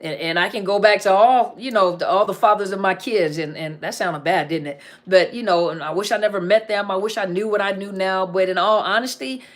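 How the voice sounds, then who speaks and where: A woman's voice: mid-range voice, brisk, few pauses. A middle-aged woman counselor on a casual live stream, reading viewer comments aloud and answering them, often repeating key phrases for emphasis.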